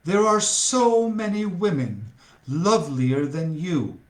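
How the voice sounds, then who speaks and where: A man's voice: sits high, lively intonation, takes it slowly. A man doing a bumbling hammy amateur actor. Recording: roomy echo.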